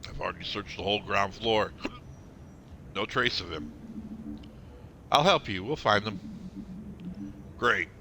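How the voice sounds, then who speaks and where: A man's voice: lowish voice, expressive, unhurried, long pauses, bright, forceful tone, a little hiss or hum. A man streaming a game, reading all its dialogue aloud in his own voice, stumbling over words now and then, with the hiccups. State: has the hiccups.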